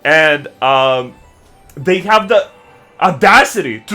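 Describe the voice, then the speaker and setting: A man live-streaming to his chat from his desk at home, ranting in a casual, constantly swearing way with loud, agitated outbursts. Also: on the high side, animated, moderate pace, soft background music. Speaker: game streamer.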